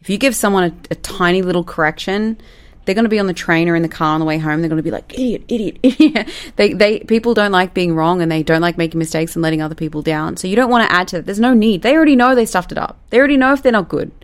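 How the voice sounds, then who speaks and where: Woman coach, lowish voice, chatty teaching with acted example lines. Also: racing, clear, resonant tone. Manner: chatty, demonstrates lines in different tones. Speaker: management coach.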